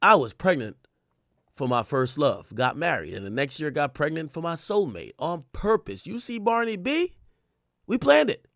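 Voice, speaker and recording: A man's voice: a little high, big pitch swings, normal speed, a bit bright, no echo, clean studio sound. A man reading posts aloud in a mocking impression of a boastful female rap star. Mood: haughty.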